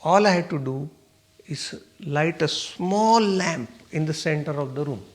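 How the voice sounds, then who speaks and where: Speaking to a meditation class, this male teacher delivers a spiritual talk in a fairly high, somewhat bright voice. He often asks the room questions, then answers them on his own, frequently adding "okay?".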